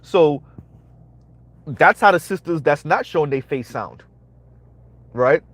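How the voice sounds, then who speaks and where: A man's voice: a little high, expressive, slow, a bit bright, dry recording. A man hosting a live-streamed commentary, talking emphatically, repeating his phrases and asking "right?" again and again. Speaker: commentary channel host.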